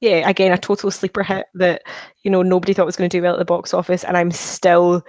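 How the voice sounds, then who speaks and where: A woman's voice: on the low side, little pitch movement, fast, darkish tone, dry recording. A woman co-hosting a podcast, chatting wryly and animatedly about films. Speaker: podcast co-host. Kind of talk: casual film chat.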